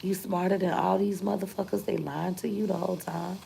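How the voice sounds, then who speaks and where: A woman's voice: on the low side, little pitch movement, fairly quick, gravelly, mellow, a little hiss or hum, poor audio. A young woman, telling her story candidly and emphatically to her viewers in a casual vlog. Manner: candid, emphatic, repeats points for force. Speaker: vlogger.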